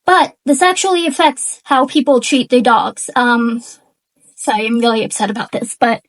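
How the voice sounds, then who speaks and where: High-voiced woman in a halting, upset rant. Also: steady tone. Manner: angry, halting, stammering rant. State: near tears, shaky. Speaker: book reviewer. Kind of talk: unscripted ranting vlog. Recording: mic unplugged, poor audio.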